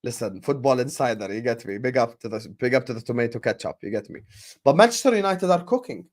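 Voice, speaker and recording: Animated slangy man. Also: medium pitch, fast. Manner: animated, slangy, repeats his points. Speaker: host of a football transfer stream. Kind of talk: casual live-stream chat.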